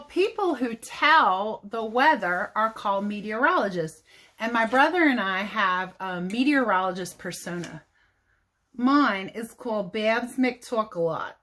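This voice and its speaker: A woman's voice: fairly high pitch, a bit bright. A woman teacher reading a nonfiction picture book aloud to children in a friendly manner, explaining words and adding asides.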